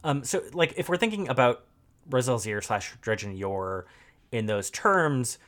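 A man co-hosting a casual podcast, talking through game lore with halting, filler-heavy speech. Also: medium pitch, lively intonation, fairly bright tone. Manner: halting, many fillers, thinks aloud. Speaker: podcast co-host.

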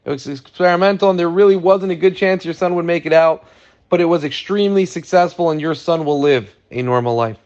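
A man voicing a calm, formal surgeon reporting on an operation. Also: fairly high pitch, fairly quick, muffled recording, close to an everyday voice. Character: calm male surgeon giving news.

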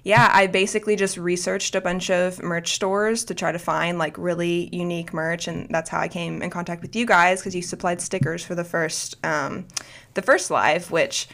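A woman's voice: fairly low pitch, steady tone, normal speed, gravelly, a bit bright. A woman guest chatting casually on a podcast, talking in a loose, rambling way with many fillers and restarts. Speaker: guest, book video creator.

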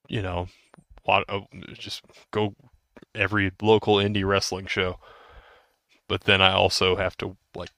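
Man in his thirties, podcast co-host, lowish voice, dry close sound, casual rambling. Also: sharp tone, smooth, no room sound. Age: 30s. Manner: rambling, with restarts and laughter. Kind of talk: casual chat.

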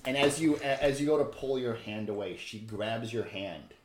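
A man's voice: mid-range voice, normal speed, roomy sound. A man running a tabletop game as game master, narrating loosely with casual fillers.

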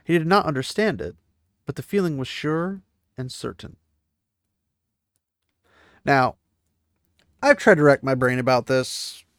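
A man's voice: mid-range voice, lively intonation, a little slow, long pauses, fairly bright tone, dry recording, studio quality. Man casually recapping a fantasy book. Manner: paraphrases the text, mixing reading with offhand asides. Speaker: book series recap host.

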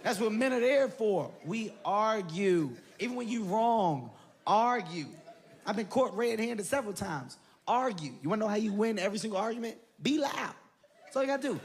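A man performing a stand-up comedy routine, loud and animated, swearing often and shouting his punchlines. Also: sits high. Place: large venue with a live audience. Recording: live show with crowd laughter and noise.

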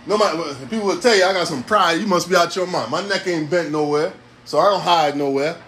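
A man's voice: a little high, quick pace, fairly bright tone, a little hiss or hum. A man, hosting a podcast in a blunt, profane, streetwise ranting monologue. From New York City. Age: 40s. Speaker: podcast host.

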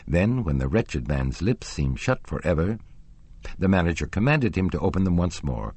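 A man narrating a classic novel as an audiobook in an expressive, theatrical reading. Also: low voice, normal speed, breathy edge, no echo.

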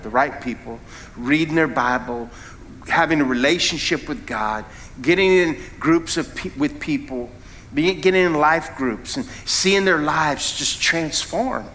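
A middle-aged man preaching a sermon as a founding pastor. He preaches with an animated delivery, jumps suddenly in pitch and volume, and asks the congregation questions. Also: a little slow, slight background noise.

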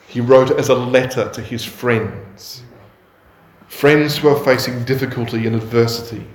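A man preaching a sermon in a measured way, building on emphatic repetition. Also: mid-range voice, fairly even intonation, reverberant.

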